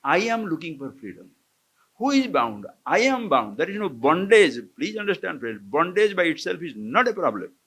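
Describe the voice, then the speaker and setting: An Indian swami teaches scripture in a live spiritual discourse to a camp audience in an ashram lecture hall, questioning his listeners and chuckling often. His voice sits on the high side, husky and fairly bright, with a sing-song lilt at normal speed.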